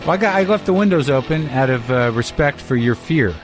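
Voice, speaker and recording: A middle-aged man hosting a podcast, delivering an anxious, rambling, profane comic monologue in a deadpan way before chatting with a guest in his home studio. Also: medium pitch, fairly quick, over music. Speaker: podcast host.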